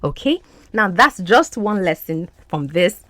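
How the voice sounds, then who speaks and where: A woman who hosts a podcast, explaining film clips as an English lesson and repeating words slowly to model pronunciation. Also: fairly low pitch, big pitch swings, a bit bright, no room sound. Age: adult. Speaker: podcast host and English teacher.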